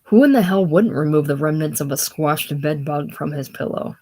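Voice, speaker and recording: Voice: medium pitch, animated, normal speed, mellow, close to an everyday voice. A reader voicing a sickly, brooding older man. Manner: theatrical, brooding, self-pitying. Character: ailing older man, consumptive, grandiose and lonely. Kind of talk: casual play reading.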